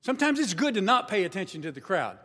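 Male pastor, high voice, storytelling sermon, long hall reverb. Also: very animated, fast, fairly bright tone, slightly rough. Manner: storytelling, acts out quoted voices.

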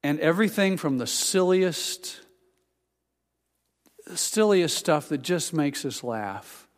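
Man preaching in a reverberant hall. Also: fairly high pitch. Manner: storytelling, acts out voices of scripture figures; drops to a quiet hush for intimate lines, rises for emphasis. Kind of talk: sermon.

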